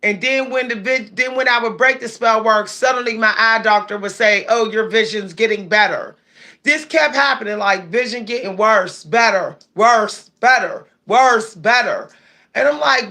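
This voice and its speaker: Chatting on her casual livestream, a host reads out viewer comments in a slightly high, sharp-toned voice.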